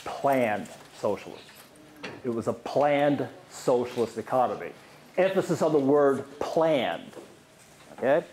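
A man with a fairly low, slightly mellow voice lectures on economics at a university. The recording has the echo and faint noise of a lecture hall, and he fires questions at the audience while leaning heavily on fillers.

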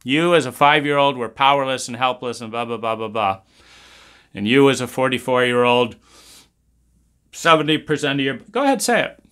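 A man's voice: mid-range voice, moderate pace, pauses often, fairly bright tone, clean tone. A man teaching about trauma in an intense, impassioned monologue, swearing and hammering points through repetition. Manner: intense, profane, repetitive emphasis.

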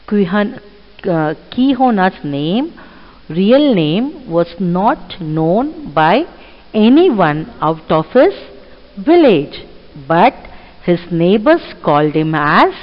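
A woman teacher, explaining a reading passage to children slowly and asking them questions. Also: lowish voice. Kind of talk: classroom reading lesson. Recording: muffled audio with long reverb.

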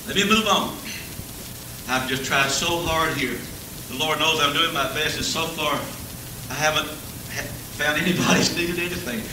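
A man's voice: fairly high pitch, measured pace. A man preaching a folksy revival sermon. He talks with humor, chuckles often, and builds to fervent peaks. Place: church service. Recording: old echoey church tape from a distance, faint hiss.

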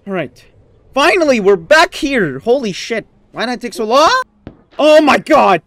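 A gaming YouTuber giving let's play commentary, raging and swinging between sudden yelps and low muttering. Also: very animated, a little slow, fairly bright tone, no room sound.

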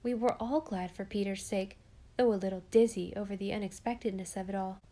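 A woman narrating a classic novel as an audiobook in a steady, measured reading. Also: mid-range voice.

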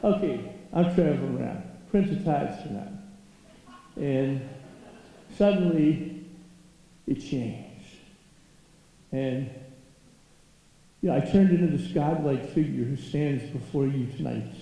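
A man's voice: mid-range voice, slow, gravelly, long pauses, warm tone. A man giving a humorous, self-mocking keynote talk at a stage microphone in a large hall. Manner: self-mocking, comic timing. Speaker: keynote speaker. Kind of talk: humorous storytelling speech. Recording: echoey hall, dull lo-fi sound.

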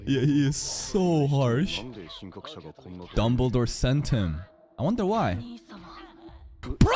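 An anime reaction channel host giving casual, excitable commentary, swearing often and laughing a lot. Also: medium pitch, takes it slowly, pauses often, a crowd in the background.

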